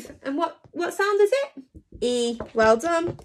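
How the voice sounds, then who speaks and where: A woman's voice: very high-pitched, animated, a little slow. A woman teaching a phonics lesson to young children online, encouraging and sing-song, sounding out letters.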